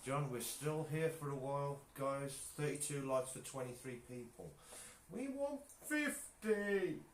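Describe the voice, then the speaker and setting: A man's voice: medium pitch, fairly even intonation, normal speed. Man, casual live-stream banter, mid-range voice, echoey room, faint background noise. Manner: joking, banters and slips into silly voices. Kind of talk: casual chat.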